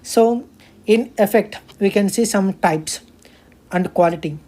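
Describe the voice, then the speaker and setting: A woman's voice: medium pitch, unhurried, mellow. A young woman giving a recorded medical exam-prep lecture, explaining step by step with many fillers and restarts.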